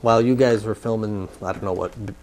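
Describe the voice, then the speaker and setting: A man's voice: lowish voice, steady tone, quick pace, darkish tone, slight background noise. A middle-aged man co-hosting a casual talk show, reading movie blurbs and cracking dry jokes. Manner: dry, joking asides. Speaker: co-host. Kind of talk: casual chat and movie preview.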